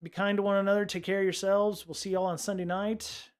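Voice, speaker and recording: A man's voice: high-pitched, little pitch movement, brisk. A man hosting a casual tech livestream, rambling along with lots of fillers and restarts. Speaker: livestream host.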